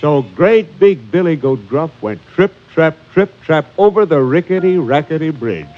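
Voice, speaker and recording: A man tells a children's story in a lively, bouncing singsong voice pitched a little high. He leans into rhythmic, playful chanting. The recording is muffled and lo-fi, with music playing clearly behind him. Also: normal speed, a little hiss or hum. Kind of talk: children's story read-aloud.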